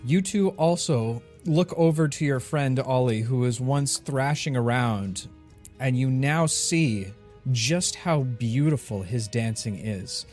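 Halting male game master, many fillers. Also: medium pitch, darkish tone, faint music behind. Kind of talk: narrating a tabletop game.

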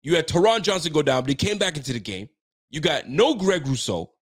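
This sports podcast host from Ontario, Canada, has a slightly high, sing-song, slightly rough voice and talks a little fast. He's delivering a heated postgame rant, venting hard and swearing often.

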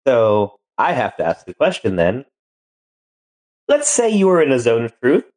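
A male game master leads a tabletop role-play with a lively, up-and-down voice. His delivery is playful and relaxed, at an ordinary pitch for a man. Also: normal speed.

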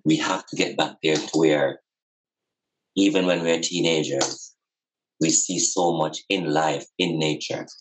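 A podcast guest on a video call, this man has a rumbling low voice with a steady tone and an unhurried delivery, and the recording is rough. He reasons earnestly, with impassioned, repetitive emphasis that sounds almost like preaching.

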